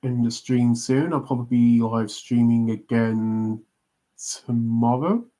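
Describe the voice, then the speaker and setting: A man's voice: medium pitch, measured pace, mellow. A Welsh man chatting in a rambling, easygoing way as he streams himself drawing. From Wales. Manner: rambling, chatty, with many fillers. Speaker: artist streaming live. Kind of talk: casual chat on a livestream.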